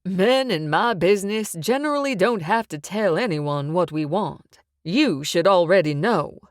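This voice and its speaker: A woman voicing a thin, menacing male crime boss who speaks in a slow, genteel Southern drawl. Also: fairly low pitch, expressive, no room sound, clean studio sound. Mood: silky menacing.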